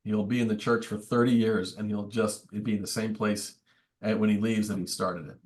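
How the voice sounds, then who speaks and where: Priest leading a relaxed book study. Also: male voice, fairly low pitch, moderate pace. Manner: thoughtful, explanatory, wry asides. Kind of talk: conversational teaching. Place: church meeting room.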